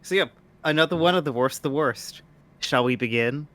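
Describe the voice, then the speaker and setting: A man's voice: a little high, normal speed, fairly bright tone, a little hiss or hum. A man streaming with friends who stammers through his banter and reads a passage aloud in a theatrical way. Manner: stammering restarts in banter, theatrical when reading. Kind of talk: casual stream chat and dramatic read-aloud.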